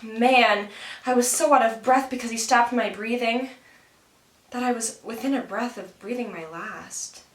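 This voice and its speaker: A woman doing an outraged little puppet guy, loud and accusing, roomy echo. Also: a little high, steady tone, moderate pace, lightly acted. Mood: shaken. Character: angry shadow-puppet man, indignant, aggrieved. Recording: roomy home room.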